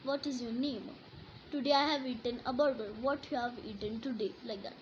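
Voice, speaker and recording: A woman's voice: a little high, fairly even intonation, brisk, dull audio, slight background noise. A woman teaching a grammar lesson, explaining and reading example sentences aloud with emphasis.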